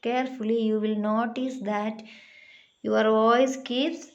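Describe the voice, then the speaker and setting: A woman's voice: fairly high pitch, steady tone, lo-fi sound. A woman teacher giving a classroom lesson, explaining patiently and checking in with her pupils. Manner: slow, patient, checks in with "huh?".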